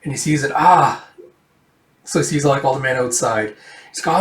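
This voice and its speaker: A man's voice: mid-range voice, steady tone, normal speed, roomy sound. A man casually narrating a comic book read-through, rambling with lots of "like" and "it's like". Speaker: comic book reader and reviewer.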